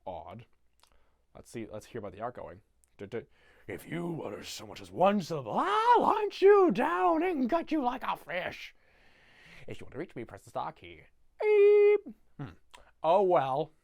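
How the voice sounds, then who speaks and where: A man's voice: high voice, huge pitch swings, unhurried, gravelly, heavily acted. A man doing a grumpy green hermit. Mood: grumbling. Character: grumpy green male hermit grumbling to himself.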